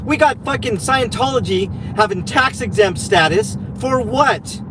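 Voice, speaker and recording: A furious man rants and swears on a livestream from behind the wheel, his voice pitched high for a man. Faint road noise hums under the talk in the car. He drips with sarcasm and sounds worked up. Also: expressive, measured pace. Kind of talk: angry livestream rant. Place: in a car while driving.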